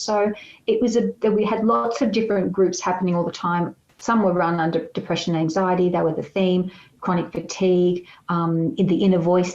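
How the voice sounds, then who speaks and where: A woman talks warmly and at length, a healer telling her story as an interview guest. Her voice sits mid-pitch and sounds roomy, with a slightly muffled, lo-fi quality to the recording. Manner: chatty, storytelling with acted quotes. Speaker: holistic healer, podcast guest. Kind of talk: casual interview chat.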